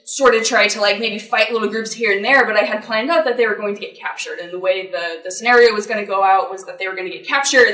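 Woman panelist, lively storyteller who laughs often, sounds distant in a roomy hall. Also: medium pitch. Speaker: convention panelist, game master. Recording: roomy, from far off the mic.

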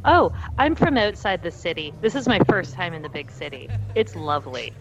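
A woman's voice: lowish voice, sing-song, brisk, loud music behind the voice, poor audio. A woman voicing a friendly, forward young librarian from the countryside who talks in a chatty, eager, earnest way.

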